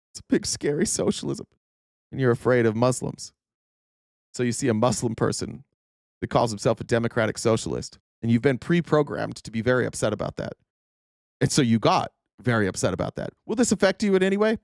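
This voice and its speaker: A man's voice: mid-range voice, expressive, a little fast, creaky, darkish tone, no echo, clean studio sound. A man hosting casual political commentary, sarcastic and profane, often mocking his opponents in mock voices.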